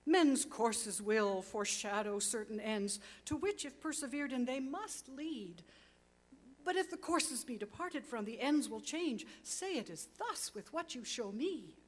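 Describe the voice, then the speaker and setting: A woman's voice: a little high, lively intonation, measured pace. Scrooge, a woman reading as an old miser. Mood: pleading. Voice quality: urgent, exclamatory delivery. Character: remorseful old miser, pleading then overjoyed. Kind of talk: storybook reading.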